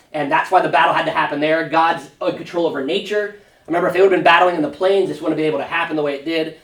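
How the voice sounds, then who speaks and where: A man pastor leading a Sunday school Bible study, explaining the passage in a conversational way with fillers and asides. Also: fairly high pitch. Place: church classroom. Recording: echoey room, mic at a distance.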